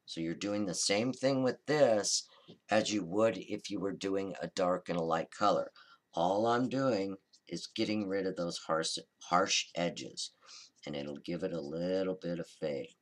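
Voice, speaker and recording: A man hosting a card-making tutorial, talking through a coloring demonstration in a relaxed, chatty, reassuring way and often correcting himself mid-sentence. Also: low-pitched, a little slow. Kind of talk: casual step-by-step crafting demonstration.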